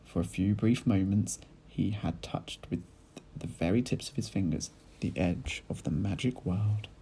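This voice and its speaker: A male teacher reading a children's book aloud in lively storytelling style, speaking to his pupils. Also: low voice, unhurried, slight background noise, rough recording. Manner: animated storytelling, addressing children.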